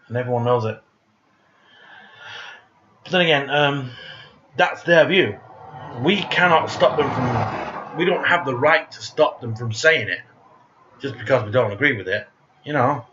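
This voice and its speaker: A man's voice: medium pitch, fairly bright tone, muffled recording. A man ranting in a casual monologue, blunt, profane and sarcastic, who speaks of himself as "we". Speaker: vlogger.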